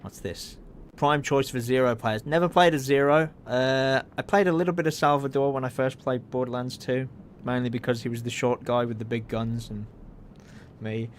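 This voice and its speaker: A man giving live, excitable commentary while playing a video game, reacting loudly, swearing and laughing often. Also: medium pitch, normal speed, slight background noise. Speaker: streamer.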